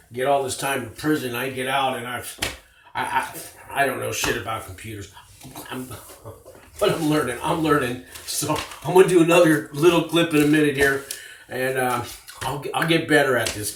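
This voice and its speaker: Recorded from a distance on a tablet, this man in his fifties, a former inmate turned vlogger, tells a loose, profane prison tale. The sound is roomy with faint background noise, and his mid-range voice has a slightly bright edge.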